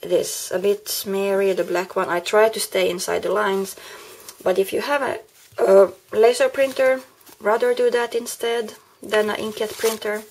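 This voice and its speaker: A woman showing a handmade card she made, unhurried, often pausing to search for the right word. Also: mid-range voice, steady tone, darkish tone. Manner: unhurried, pauses to search for words. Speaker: craft vlogger. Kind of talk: card-making tutorial vlog.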